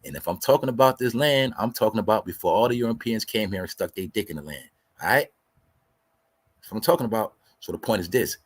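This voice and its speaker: Low-voiced man ranting as a show host. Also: expressive, fast talker, husky. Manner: profane, combative, lecturing; repeats points for emphasis. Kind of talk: commentary rant.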